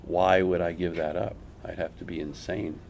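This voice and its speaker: Gravelly older man teaching a workshop. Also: sits low, little pitch movement, normal speed, a little mellow, slight background noise. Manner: emphatic storyteller, repeats words. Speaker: comic art teacher. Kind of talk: live workshop demonstration. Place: school room with audience.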